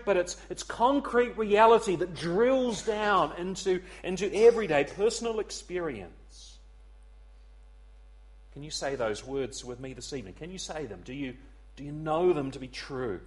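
A man preaching an evening sermon, earnest and pleading, swelling loud and then dropping to a near hush, repeating words as he searches for them. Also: sits high, lively intonation, unhurried.

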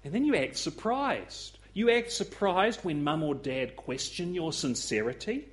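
A man preaching a sermon, acting out the voices he quotes with lively swings. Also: measured pace, few pauses. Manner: expressive, acts out quoted voices with rising pitch.

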